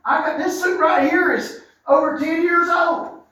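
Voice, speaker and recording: A middle-aged man preaching a sermon as a pastor, folksy and animated, with wry asides. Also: very high-pitched, measured pace, slight background noise. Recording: echoey room sound.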